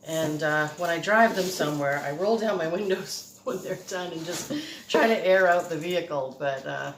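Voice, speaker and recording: A woman's voice: lowish voice, moderate pace, a little hiss or hum. Chatty, slightly breathless middle-aged woman for a home cooking vlog, filmed on a phone in an echoey kitchen. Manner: chatty, rambling, laughs often. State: a little breathless. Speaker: cooking vlogger. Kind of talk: casual home cooking demo. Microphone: phone camera.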